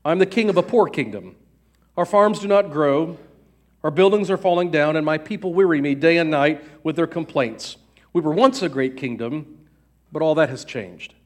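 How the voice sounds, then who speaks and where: A man's voice: fairly high pitch, expressive, normal speed. Weary proud king, read by a man, grave, gloomy, storybook reading. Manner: grave, sometimes impatient.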